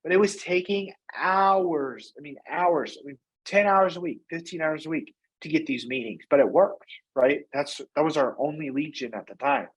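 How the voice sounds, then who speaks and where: A man being interviewed as a guest, telling his business story in a casual, energetic way and often tagging on "right?" and "you know". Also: a little high, moderate pace, breathy edge, lo-fi sound. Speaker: guest, company founder and CEO.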